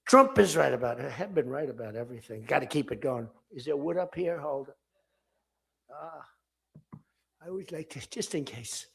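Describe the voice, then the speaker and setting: A man's voice: mid-range voice, animated, moderate pace, gravelly, a bit bright, breathy edge. An older man giving a rambling, repetitive political speech that wanders between asides, acting out conversations as he goes.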